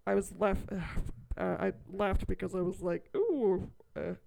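A woman co-hosting a podcast in casual, animated chat, swearing freely and laughing often. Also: medium pitch, measured pace, vocal fry, a little hiss or hum. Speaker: podcast co-host.

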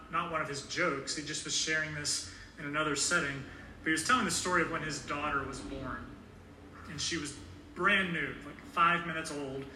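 Bright-voiced man preaching in an echoey church. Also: on the high side, slight background noise. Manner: earnest, conversational preaching with fillers. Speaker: pastor. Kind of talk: sermon. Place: church sanctuary. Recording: echoey room heard from a distance.

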